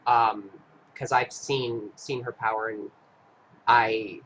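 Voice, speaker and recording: A man hosting a live stream, earnestly recounting an experience in a halting, casual way with frequent restarts. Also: medium pitch, flat delivery, a bit bright, highs cut off, a little hiss or hum. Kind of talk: casual storytelling.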